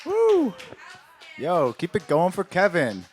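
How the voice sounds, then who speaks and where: A man hosting a comedy night, announcing the next act in a loud, hyped way that stumbles over his words. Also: mid-range voice, animated, takes it slowly, faint music behind. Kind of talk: stage announcing.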